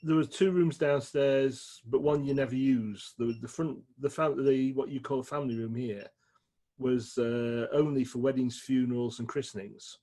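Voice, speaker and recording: A middle-aged man with a Yorkshire accent, telling stories in a chatty, animated way as an interview guest. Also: medium pitch, normal speed. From England. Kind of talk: casual storytelling chat.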